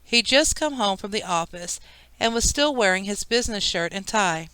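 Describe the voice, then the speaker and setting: A woman narrating a children's audiobook in an even storytelling way. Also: medium pitch, moderate pace, clear, resonant tone, dry recording. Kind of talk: scripted narration.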